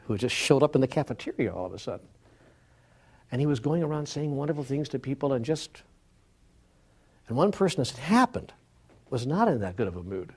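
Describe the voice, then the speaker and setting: A man with a husky, breathy voice pitched in the middle range tells a story to an audience. He gets animated, acting out the dialogue, and at times sinks to a soft near-whisper. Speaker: spiritual speaker. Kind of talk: storytelling talk.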